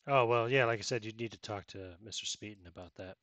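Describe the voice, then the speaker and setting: A game master voicing a tired camp boss at a muddy excavation. He talks plainly and a little haltingly, with a bright, forward tone and a low-set voice in a dry, close recording. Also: no room sound, dull audio. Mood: gruff welcome. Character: weary male camp overseer at a dig. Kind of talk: tabletop role-play voicing.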